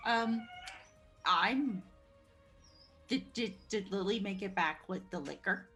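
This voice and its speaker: Woman player, medium voice, acts out her moves, lively. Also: mid-range voice, slow pace, faint music behind. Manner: animated, acting out her actions. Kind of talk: playing a tabletop game.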